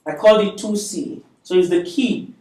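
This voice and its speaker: A man's voice: sits high, moderate pace, darkish tone. A man teaching a beginner Arabic lesson, patient and checking in often with his learners, with light chuckles. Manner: chuckles lightly between points. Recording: echoey room, away from the mic.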